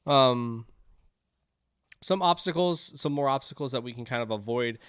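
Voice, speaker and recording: A man playing indie games and thinking aloud, chatty and quick to get excited. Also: mid-range voice, smooth, no echo, clean studio sound. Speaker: gaming YouTuber. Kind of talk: let's play commentary.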